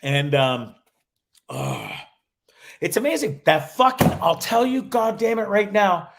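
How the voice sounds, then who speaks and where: A man with a high voice chats on his livestream from a cottage while he is traveling. He rambles and swears as he tells stories, and he often breaks off and restarts his sentences. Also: wildly swooping pitch, a little slow, a bit bright. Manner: profane, rambling storyteller with many restarts. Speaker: livestream host.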